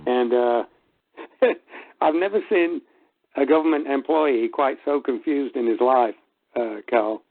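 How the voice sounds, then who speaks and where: A man with a mid-range voice calls in to a talk show and retells a story in a lively way. He chuckles and acts out the quotes as he goes. His voice comes through a narrow, tinny phone line. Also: medium pitch. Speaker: caller. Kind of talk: casual storytelling on a call-in show.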